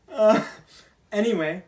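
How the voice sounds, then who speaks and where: A man's voice: high-pitched, a little mellow, recorded from a distance. A young man performing a casual stand-up monologue, chatty and self-deprecating with lots of fillers. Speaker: stand-up comedian.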